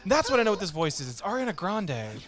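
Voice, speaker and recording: A young adult man co-hosting a casual game playthrough, chatty and quick to laugh. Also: sits high, sing-song, fairly bright tone. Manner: chatty, laughs easily, loose storytelling. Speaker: co-host and voice actor.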